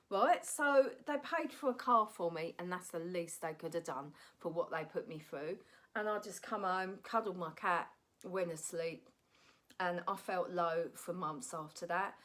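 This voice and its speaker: A woman, a stand-up comic and actress, telling a candid personal story to her phone camera in a blunt, animated way, often tagging "right?" onto her lines. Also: fairly low pitch, unhurried.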